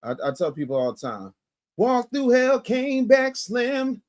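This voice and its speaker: A man hosting a commentary show who reacts to clips in an animated, mocking way, with loud bursts and stammered restarts. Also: very high voice, unhurried. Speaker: show host.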